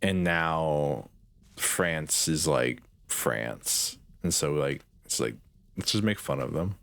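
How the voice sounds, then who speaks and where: A man's voice: extremely low pitch, slow pace, vocal fry, a bit bright, no room sound. A young man streaming a game, chatting with his viewers in a rambling, sarcastic way and swearing casually. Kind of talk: casual gameplay chat with chat.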